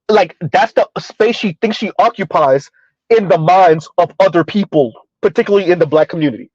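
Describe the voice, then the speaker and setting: Chatty man streaming, slightly high voice. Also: brisk, darkish tone, slightly rough, no echo, highs cut off. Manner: rambling, conversational, frequent "right?" and "like". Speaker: commentary streamer reading chat. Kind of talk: casual live-stream commentary.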